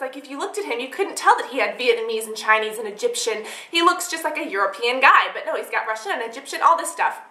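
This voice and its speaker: A young woman chats to camera in a bubbly, rambling way, her voice high and bright. She talks casually as a vlogger, and a small room gives her voice a clear echo. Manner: bubbly, chatty storytelling with lots of "like". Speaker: beauty vlogger. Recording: echoey room.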